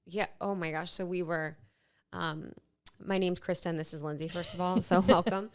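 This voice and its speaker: A woman's voice: lowish voice, steady tone, normal speed, smooth. A woman, co-hosting a podcast in casual chat, laughing often and acting out quotes. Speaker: podcast co-host.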